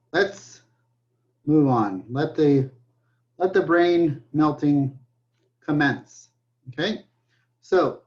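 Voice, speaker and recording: Male math professor, recorded lecture, slow delivery, slightly high voice, dull lo-fi sound, jokey asides. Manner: joking asides, many okays.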